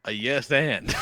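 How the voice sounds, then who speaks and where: A man co-hosting a podcast, telling a game story in casual chat, animated and profane, acting out voices. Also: medium pitch, dry recording. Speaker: podcast co-host.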